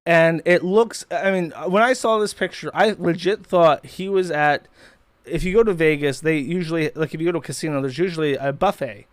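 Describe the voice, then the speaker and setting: A man's voice: a little high, fairly quick, no echo. A man hosting a live stream, ranting in a profane, mocking way. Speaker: streamer host.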